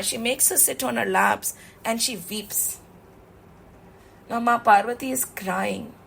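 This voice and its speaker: A woman, an expressive storyteller retelling a sacred epic and slipping in Hindi words. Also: a little high, vocal fry, husky, rough recording. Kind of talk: retelling scripture to listeners.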